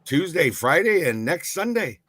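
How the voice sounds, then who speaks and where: A man's voice: fairly high pitch, very animated, measured pace, a bit bright, no echo. A man co-hosting a casual live-stream chat, reading out the event lineup in a loose, rambling way.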